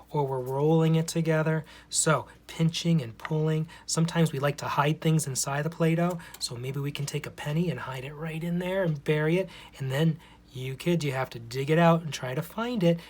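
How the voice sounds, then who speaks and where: A man's voice: a little high, moderate pace, a little mellow. A man teaching preschoolers in a video, explaining step by step in a friendly, patient way. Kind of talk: instructional video for young children.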